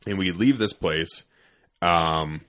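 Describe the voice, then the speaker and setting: Deep-voiced man telling a rowdy story. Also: slow, fairly bright tone. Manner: profane, with frequent acted quotes. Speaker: guest, former Army sniper. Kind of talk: casual storytelling.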